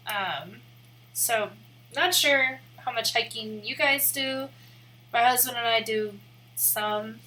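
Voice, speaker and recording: A bright-voiced woman with an American Midwest accent chats casually on a livestream while working on screen. Her voice sits a little high and she speaks slowly, rambling in a chatty, self-deprecating way. The recording is rough.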